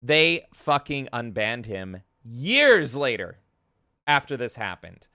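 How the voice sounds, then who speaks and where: Male podcast co-host, heated profane ranter, bright crisp close-mic voice. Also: medium pitch, sing-song, slow, no room sound. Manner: heated, profane ranting with mocking quoted voices. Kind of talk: casual podcast rant.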